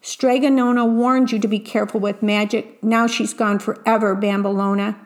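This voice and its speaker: A woman voicing a clever young girl apprentice witch, speaking calmly and sensibly with a stern edge. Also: medium pitch, normal speed, lightly acted. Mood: sensible. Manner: calm, sensible, a little stern.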